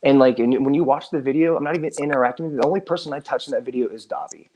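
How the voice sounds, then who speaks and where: A man's voice: mid-range voice, rapid-fire, warm tone. A man talking casually on a live stream, earnest and exasperated, stumbling over restarts and repeated words as he defends himself.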